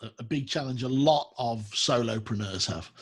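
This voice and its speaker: A man's voice: medium pitch, normal speed, breathy edge. A man from Birmingham with a Brummie accent, hosting an interview over a video call, enthusiastic and full of fillers and repeated words. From Birmingham, England. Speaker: talk show host. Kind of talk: casual interview chat.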